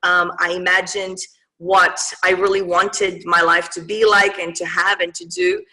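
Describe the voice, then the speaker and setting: A woman's voice: lowish voice, a little slow, sharp tone, rough recording. A woman with an Australian accent, telling her life story as a guest in an interview, with many fillers and restarts.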